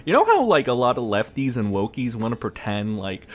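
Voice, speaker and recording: A man's voice: medium pitch, huge pitch swings, moderate pace. Guy ranting hard in his gaming vlog, sarcastic and sweary, voice swings up and down a lot. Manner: profane, heated and sarcastic. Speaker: gaming commentator.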